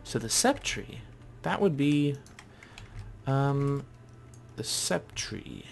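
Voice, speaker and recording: A man's voice: mid-range voice, very animated, very slow, creaky, a little hiss or hum. A man casually commenting as he plays a game, chatty and thinking aloud. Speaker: gamer.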